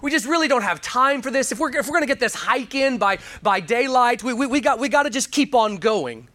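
A man voicing an impatient husband on a hike, dismissive and hurried. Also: very high-pitched, lively intonation, sharp tone, pitched above the performer's own voice, heavily acted.

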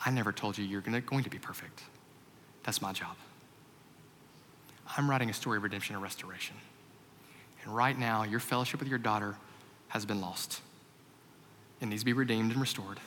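A pastor voicing the gentle inner voice of God, speaking softly and slowly in a hush. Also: male voice, fairly low pitch, a little hiss or hum, voice pushed down, natural voice. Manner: soft, slow, hushed. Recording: long hall reverb.

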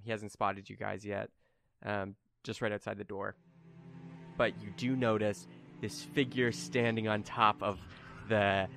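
A young man in a relaxed, easygoing manner, narrating a tabletop game as game master. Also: on the low side. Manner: easygoing, laughs often.

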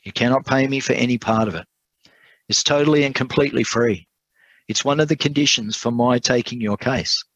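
A man voicing a kind, quiet male lawyer who speaks softly and patiently in a told sermon story. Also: medium pitch, no room sound, muffled recording, pitched above the performer's own voice. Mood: gentle, patient. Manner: soft-spoken, measured.

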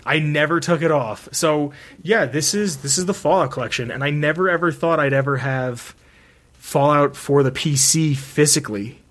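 A man's voice: fairly high pitch, normal speed, a bit bright. A young man chatting casually as a podcast co-host, rambling with lots of "like" and restarts. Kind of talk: casual chat.

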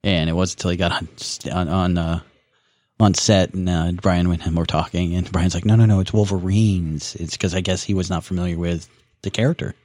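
A man with a fairly low voice chats casually while watching a movie, dropping trivia between stumbles and restarts. The sound is dry and close, with no room around it. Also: flat delivery, a little fast, darkish tone, no echo. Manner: trivia-sharing, hesitant restarts. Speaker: co-host.

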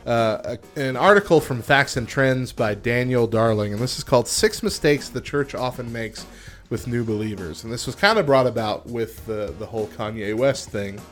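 Over soft background music, a man with a mid-range voice co-hosts a morning radio show at a moderate pace. He reads news and articles aloud, then riffs loosely in casual chat, laughing often.

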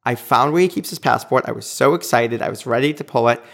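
A man casually telling a personal anecdote, animated and quick to act out what others said. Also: medium pitch, gravelly. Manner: animated, acts out quoted lines. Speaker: storyteller.

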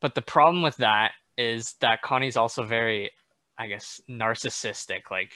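A young man lays out his reading of a film in a casual conversation, his tone bright and sharp. The recording is dry and close, with no room sound around him. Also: mid-range voice, moderate pace, dry recording. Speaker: film discussion co-host. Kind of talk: casual chat.

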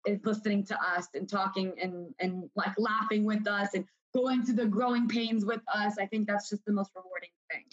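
A young woman podcast co-host who gushes and packs her talk with "like". Her voice is a touch husky, and the video call audio sounds dull and lo-fi. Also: mid-range voice, steady tone, normal speed, few pauses. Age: young adult. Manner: gushing, with constant "like"s. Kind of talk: casual chat on a video call.

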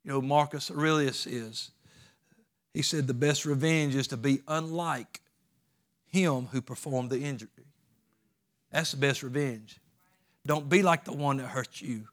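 A man's voice: medium pitch, a little slow, long pauses. A man preaching a sermon in a folksy, emphatic way, with plain rural grammar.

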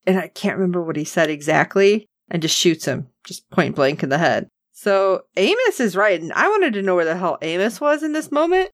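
Animated woman recapping a show. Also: lowish voice, brisk, no room sound, studio quality. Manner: animated, acts out characters' lines. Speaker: podcast co-host recapping a TV episode. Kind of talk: casual chat.

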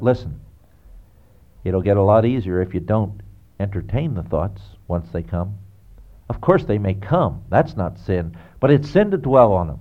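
A man's voice: fairly low pitch, sing-song, measured pace. A man preaching biblical counsel in a sermon style, talking earnestly and directly to the listener with rhetorical questions. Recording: dull lo-fi recording.

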